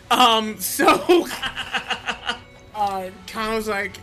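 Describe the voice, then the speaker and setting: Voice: mid-range voice, expressive, slow, over music. A player in a tabletop game describing moves, giggly and playful. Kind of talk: casual tabletop play.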